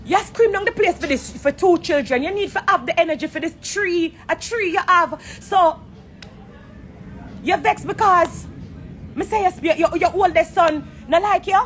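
Talking into her phone from an airport corner, a woman with a Jamaican accent, a dancehall artist on a live stream, delivers a heated, blunt rant. Her voice is very high-pitched and fairly bright at normal speed, with slight background noise, and she's confrontational and profane.

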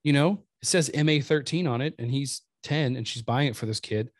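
Guy guest chef telling a story, animated, repeats himself, dry sound. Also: medium pitch, a little fast, no room sound. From United States. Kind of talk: casual storytelling chat.

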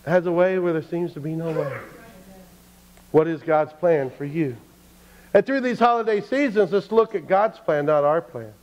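A man's voice: fairly high pitch, moderate pace, a little mellow. A man preaching a sermon as pastor, telling a story and acting out the people in it. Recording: dull lo-fi church stream.

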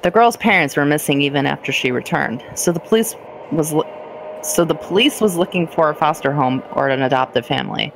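A woman's voice: sits low, lively intonation, a little fast, slight background noise, low-quality recording. A woman chatting on a gaming stream, reading in-game text aloud and adding chatty asides. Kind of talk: casual gaming chat.

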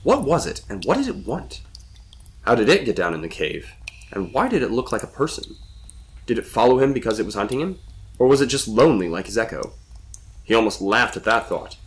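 A man reading a spooky story aloud in scripted narration, with expressive delivery. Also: lowish voice.

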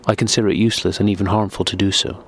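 Man doing a cold formal husband, deep, measured and stiff, storybook reading. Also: level tone, slightly rough.

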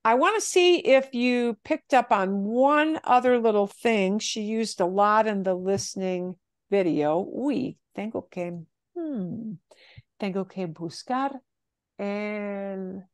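A woman teaching a language class, explaining phrases patiently and modeling them slowly. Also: medium pitch, lively intonation, no echo, clean studio sound. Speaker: Spanish teacher.

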